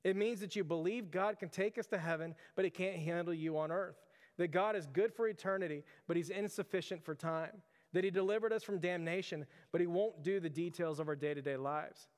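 Man, 30s, pastor, conversational sermon, earnest, informal, fairly high voice, long reverb of a church hall. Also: brisk. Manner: earnest, repeatedly addresses listeners as "church", filler "like".

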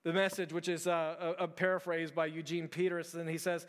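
A man's voice: on the high side, little pitch movement, brisk, hardly any pauses, long reverb tail. A male pastor preaching a conversational sermon, with frequent restarts and fillers.

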